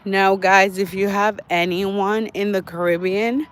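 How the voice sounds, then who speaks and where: A Jamaican livestream host walks an outdoor track near woods at dusk, out of breath as he chats with viewers and repeats himself. His high, fairly bright voice is fairly even and unhurried, with slight background noise.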